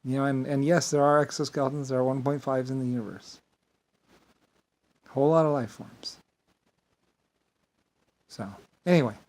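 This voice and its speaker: A man's voice: medium pitch, steady tone, moderate pace, pauses often, darkish tone, poor audio. A man in a rambling, grandiose monologue to camera, swearing and laughing at himself. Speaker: vlogger.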